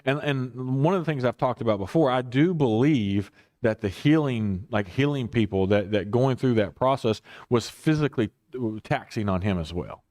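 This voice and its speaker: A man's voice: medium pitch, normal speed, few pauses, darkish tone. A man leading a casual Bible study as pastor, rambling and correcting himself with chuckling asides.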